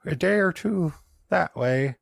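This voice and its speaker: A man's voice: on the high side, animated, a little slow, vocal fry, no room sound, studio quality, voice pushed up, exaggerated voice. A man voicing a doddering old woman who lives alone, with a put-on Irish-Scottish twang. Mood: rambling. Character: rambling old grandmother living alone in the woods.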